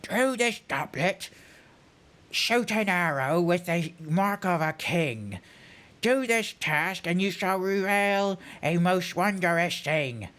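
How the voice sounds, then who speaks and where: A weary old fish-man scholar, as a man puts him on, speaking in slow, formal, drawn-out phrases. The buck-toothed delivery gives his speech a stiff, pompous sound. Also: high-pitched, expressive, fairly bright tone, full character voice. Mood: solemn. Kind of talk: voicing game dialogue on a livestream.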